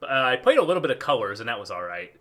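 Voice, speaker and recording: Brief: male podcast co-host, bright sharp tone, animated gaming chat with restarts. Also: medium pitch. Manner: animated, quick, lots of restarts and acted-out quotes.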